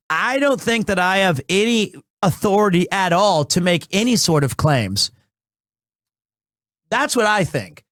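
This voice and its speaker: A man's voice: sits high, fairly bright tone, dry recording, clean studio sound. A young man streaming a game, chatting casually and rambling with lots of restarts. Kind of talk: casual live-stream chat.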